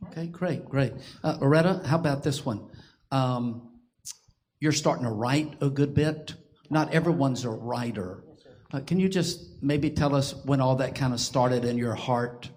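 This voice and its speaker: A man's voice: medium pitch, a little slow, darkish tone. A man moderating a church conference panel, asking questions and giving brief, encouraging replies.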